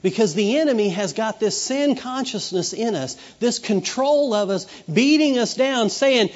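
A middle-aged pastor preaches in a chatty, storytelling way and slips into children's voices. His voice sits high for a man. The recording is dull and carries a long hall echo. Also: lively intonation, moderate pace, hardly any pauses. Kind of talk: sermon.

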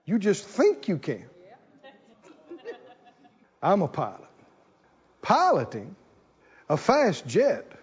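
A husky-voiced male pastor preaches with lively, animated swings of pitch and calls out to his congregation. His high voice comes through a dull, lo-fi recording. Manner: animated, call-and-response preaching. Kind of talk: sermon.

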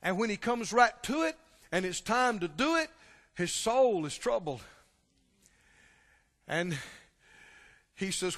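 A man preaching a sermon, impassioned, swinging between loud exclamations and quiet, low passages. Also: very animated, unhurried, long pauses. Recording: long hall reverb.

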